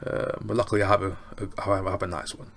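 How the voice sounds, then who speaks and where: Gravelly-voiced English guy chatting. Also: deep voice, flat delivery, quick pace, a bit bright. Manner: rambling, loose and chatty with filler words. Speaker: show reviewer. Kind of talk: casual review chat.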